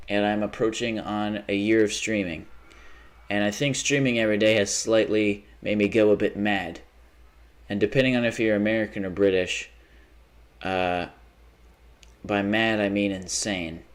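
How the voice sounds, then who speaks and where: A young man with a fairly low voice chats on a live gaming stream. He rambles, curses freely, and flares up fast. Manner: rambling, profane, quick to get heated. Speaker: livestreamer. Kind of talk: casual livestream chat while gaming.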